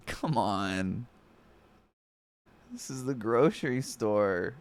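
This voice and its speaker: A male streamer reacting in a casual, mocking way, laughing often and swearing freely. He talks slowly and draws out his words. His pitch rises and falls a lot as he jokes. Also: animated.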